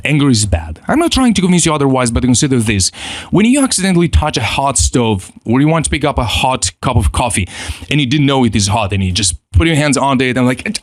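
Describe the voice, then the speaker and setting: Man, self-help coach, course lesson, very lively pitch, acts out inner voices, restarts sentences, dry close sound. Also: dry recording.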